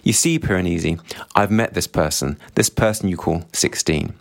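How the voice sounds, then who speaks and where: A man's voice: sits low, moderate pace, vocal fry. A man reading a curt, domineering man. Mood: impatient. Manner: curt, brushing aside. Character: impatient domineering man, dismissive. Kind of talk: quoting a novel during a book discussion.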